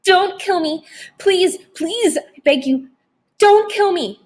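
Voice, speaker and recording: A woman's voice: extremely high pitch, lively intonation, takes it slowly, pitched above the performer's own voice, full character voice. A woman voicing a terrified young boy who wails and pleads through sobs in a storybook reading.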